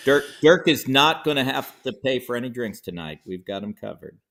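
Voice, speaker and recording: A man's voice: mid-range voice, expressive, fairly quick, fairly bright tone. A man playing a tabletop game, casual and joking with the table. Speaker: player.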